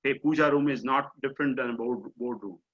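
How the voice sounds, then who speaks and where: A man's voice: medium pitch, fast, a bit bright. Middle-aged indian guy explaining things on a video call, lots of uhs, muffled call sound. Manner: conversational, explanatory, frequent fillers. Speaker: mindfulness coach. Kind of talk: online course session. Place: home or office on a video call. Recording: dull lo-fi video call audio.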